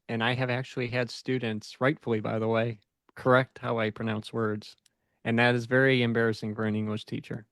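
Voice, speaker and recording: A man who teaches English, a presenter speaking with deliberate pacing and pauses. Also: medium pitch, gravelly, no echo, clean studio sound. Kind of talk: casual group discussion.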